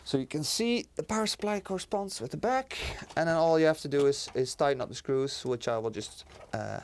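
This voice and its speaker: A man's voice: on the high side, expressive, fairly quick, a little mellow. A man co-hosting a livestream, talking through a PC build as he works, hesitant and full of fillers. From Europe. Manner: hesitant, full of fillers, talks while working with his hands. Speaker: livestream co-host building a PC on camera. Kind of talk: casual livestream chat.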